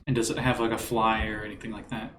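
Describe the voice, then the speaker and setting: A man's voice: on the low side, level tone, quick pace, fairly bright tone, roomy sound, slight background noise. A man narrating as game master of a tabletop game, casual and loose. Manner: casual, loose, laughs easily.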